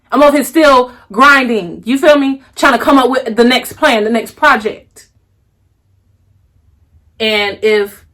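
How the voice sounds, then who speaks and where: A woman's voice: on the high side, a bit bright. A young woman vlogger talking to her viewers in a sassy, drawling way, repeating herself for emphasis and calling them honey and baby. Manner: emphatic repetition, slows down to stress points. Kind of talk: casual vlog monologue.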